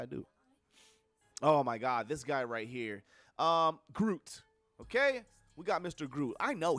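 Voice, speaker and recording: A young man with a slightly high voice rants through a casual movie review, blunt and profane, throwing in slangy asides. His voice is close and dry, with faint music underneath. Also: no echo. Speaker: film reviewer on livestream.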